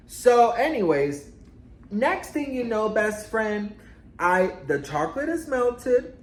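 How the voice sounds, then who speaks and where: A man's voice: big pitch swings, takes it slowly. Sassy man telling a storytime, echoey room. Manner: sassy, dramatic, swearing, big swings in pitch. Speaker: storytime vlogger. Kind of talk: casual storytime monologue.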